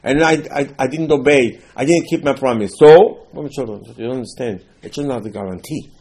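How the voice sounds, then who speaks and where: Husky-voiced man giving an emphatic Torah lesson. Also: mid-range voice, normal speed, a little mellow. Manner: emphatic storytelling, repeating phrases for stress. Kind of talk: Torah lesson on Passover night.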